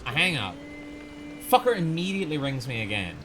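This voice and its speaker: A man's voice: fairly high pitch, big pitch swings, fairly quick, background noise. A young man streaming a game, rambling and swearing as he rants in casual commentary. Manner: exasperated, swears a lot, rambling. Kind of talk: casual gameplay commentary and ranting.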